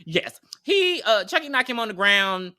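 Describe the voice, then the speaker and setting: A podcast co-host runs through a horror movie in loose, slangy conversation, laughing frequently, acting out lines, and swearing freely. The storytelling is animated, with a medium-pitched voice at normal speed.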